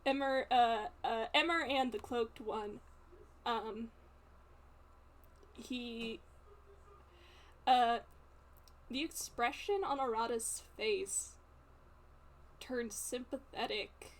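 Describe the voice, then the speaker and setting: A woman playing a tabletop game who narrates her character's actions, halting and hesitant, stopping often to find words. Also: a little high. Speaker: player.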